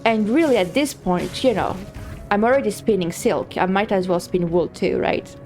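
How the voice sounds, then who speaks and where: A woman's voice: mid-range voice, expressive, moderate pace, darkish tone, faint music behind. A woman streaming a game live, chatting casually and thinking aloud, rambling with many fillers and restarts. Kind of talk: casual live-stream chat while gaming.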